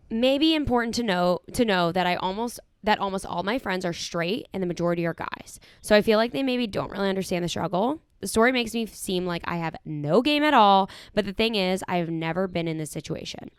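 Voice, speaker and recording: A woman's voice: medium pitch, clear, resonant tone, no room sound, clean studio sound. A young woman co-hosting a podcast who reads a listener's letter and then gives frank, chatty advice. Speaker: podcast co-host. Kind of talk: casual chat.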